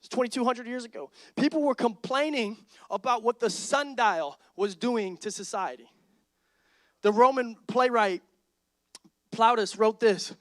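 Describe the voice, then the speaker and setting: Male pastor, 30s, high voice, animated sermon storyteller, dry sound. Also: unhurried, dry recording. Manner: animated storytelling, acts out dialogue.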